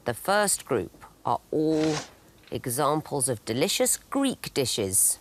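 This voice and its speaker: A woman's voice: sits low, very animated, slow, a little hiss or hum. A woman hosting a quiz show, reading scripted links and giving verdicts with a dry wit.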